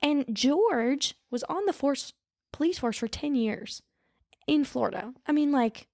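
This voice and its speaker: A woman recaps a true-crime case for her podcast co-host in loose, chatty storytelling, slipping on names and fixing them as she goes. Her voice sits a little high with a gravelly fry. The sound is dry and close, with no room echo. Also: lively intonation, a little slow, a little mellow. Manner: chatty, mixes up names and corrects herself.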